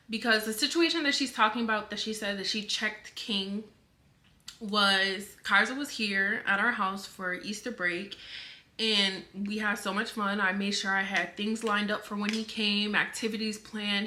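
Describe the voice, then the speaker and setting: A woman's voice: medium pitch, sharp tone. A young woman vlogger talking casually to camera, defending herself in a rambling way with lots of filler words.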